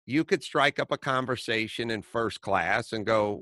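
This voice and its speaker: Podcast host, middle-aged man, bright forceful voice, dry close sound, storytelling rants. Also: low-pitched, dry recording. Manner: storytelling, rants in quick bursts. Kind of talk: casual chat.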